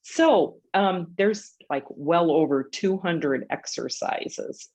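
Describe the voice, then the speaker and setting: A woman's voice: on the low side, slow pace, darkish tone, slightly rough. A woman teaching a group laughter exercise over a video call, upbeat and chatty, laughing often. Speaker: laughter yoga instructor.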